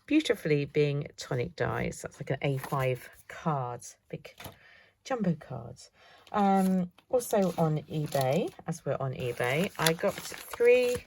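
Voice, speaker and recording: A woman's voice: deep voice, vocal fry, a little hiss or hum. A middle-aged woman chatting casually through a craft haul, thinking aloud as she shows each item. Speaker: craft vlogger.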